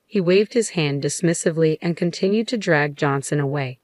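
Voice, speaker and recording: A woman narrating a story in an even, unhurried scripted delivery. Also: low voice, no room sound.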